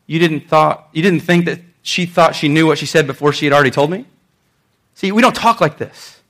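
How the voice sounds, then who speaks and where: Man, pastor, high voice, emphatic sermon, punchy repetitions, talks straight to the crowd. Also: a bit bright.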